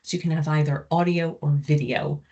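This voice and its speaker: A woman professor giving an academic talk on research findings, measured and explanatory, with frequent filler words. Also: low-pitched, fairly even intonation, warm tone, muffled recording. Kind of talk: academic presentation.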